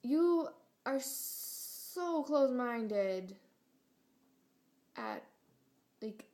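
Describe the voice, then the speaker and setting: A woman's voice: a little high, lively intonation, extremely slow, a little mellow. A teenage girl vlogging a rambling, exasperated rant, full of fillers. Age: teens. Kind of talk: casual rant to camera.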